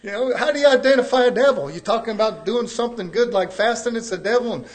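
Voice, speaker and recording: This preacher, a man who talks fast, preaches a church sermon with folksy emphasis, chuckling now and then and lowering his voice to a hush.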